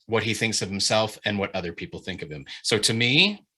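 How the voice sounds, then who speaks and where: A man leading a writing workshop over a video call, giving an animated, informal critique, swearing freely and often restarting his sentences. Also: fairly low pitch, fairly quick, husky.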